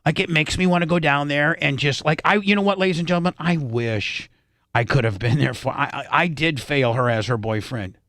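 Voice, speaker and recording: A man's voice: on the high side, brisk, a bit bright, no echo. A man hosting a radio talk show, reading out legal statutes in a studio with stammering restarts.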